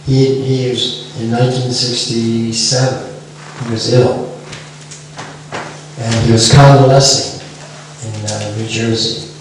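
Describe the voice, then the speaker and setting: A middle-aged man giving a devotional lecture with stories, softly chanting a mantra between remarks and asking his listeners questions. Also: medium pitch, little pitch movement, slow pace, long pauses. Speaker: devotional speaker. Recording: echoey room, far from mic, faint hiss.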